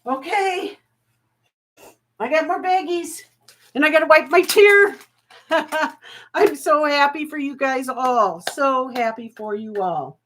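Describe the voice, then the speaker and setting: A woman's voice: high-pitched, animated, slow, pauses often, a bit bright. A woman hosting a live jewelry auction stream, chatty and folksy, laughing often and getting emotional.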